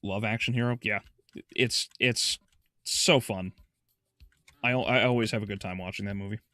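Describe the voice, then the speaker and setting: A man's voice: lowish voice, fairly even intonation, moderate pace, pushed and bright, no echo. A man streaming a game, chatting casually with his viewers, swearing freely and laughing often as he plays. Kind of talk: casual gameplay commentary.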